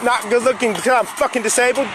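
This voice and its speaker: A middle-aged man ranting angrily into his phone outdoors, swearing and yelling over and over. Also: very high voice, steady tone, quick pace, a crowd in the background, background noise. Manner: profane, yelling, repeating curses. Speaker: vlogger. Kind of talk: angry outdoor live-stream rant. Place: outdoors on a flooded street. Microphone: phone or tablet.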